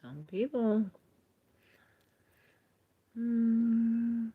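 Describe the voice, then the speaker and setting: A woman's voice: on the high side, extremely slow, breathy edge, phone-quality sound. A woman giving a live tarot reading, chatting with viewers, reading their comments aloud and laughing often. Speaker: tarot reader.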